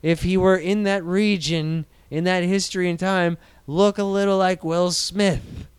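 A man's voice: high-pitched, steady tone, a little slow, smooth, no room sound. A man in his thirties from Iowa, hosting a casual podcast and ranting animatedly about movie news, swearing freely. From Iowa, USA. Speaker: podcast host.

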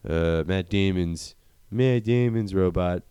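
Brief: lively, swearing film reviewer, low and smooth, close and dry. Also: male voice, slow, no echo. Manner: animated, profane, acts out scenes. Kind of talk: casual movie review chat.

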